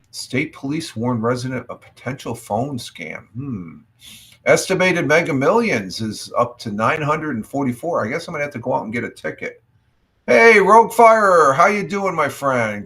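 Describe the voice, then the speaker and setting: A middle-aged American man from the United States hosts a casual morning livestream, chatting and reacting to the news. His medium-pitched voice is creaky, fairly bright, and slightly rough, and he rambles with lots of fillers and restarts.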